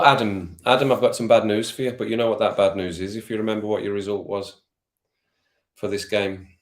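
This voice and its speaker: A man's voice: lowish voice, darkish tone. A man hosting a casual football watch-along stream, chatting with viewers by name and laughing often. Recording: roomy echo.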